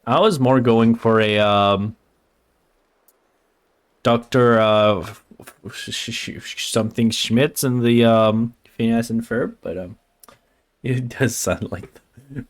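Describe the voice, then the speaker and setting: A man streaming a game, excitable and casual, swearing, stammering and humming to himself. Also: medium pitch, slow, pauses often. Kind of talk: casual let's-play commentary. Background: faint game music.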